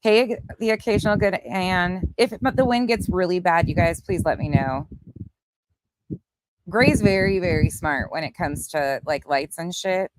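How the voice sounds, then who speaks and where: A woman hosts a casual livestream outdoors on a windy night, talking bluntly with viewers, greeting chat names, and swearing now and then. Her voice is on the low side and a little slow.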